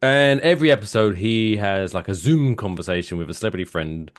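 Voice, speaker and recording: Male podcast co-host, low voice, lively swooping delivery. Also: fairly quick. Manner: animated storyteller, loud bursts of excitement. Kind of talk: casual chat.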